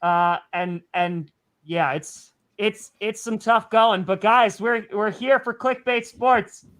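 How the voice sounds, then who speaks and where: A breathless man with a high, light voice hosts a loose sports chat while sweating inside a costume. He stumbles through restarts and pokes fun at himself. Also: slow pace, a bit bright. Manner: rambling, self-mocking, stammering restarts. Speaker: podcast host.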